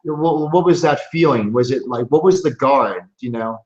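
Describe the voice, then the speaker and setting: A man's voice: medium pitch, moderate pace, reverberant, dull audio. A man hosting a live chiropractic show, speaking in an earnest, preachy motivational way and often restarting his phrases. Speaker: chiropractor host.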